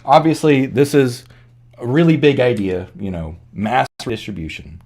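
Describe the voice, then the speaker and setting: With a mid-range, darkish voice at a moderate pace, a man hosting his channel delivers unscripted commentary as a reflective, earnest monologue. He frequently stops mid-sentence to restart or correct himself.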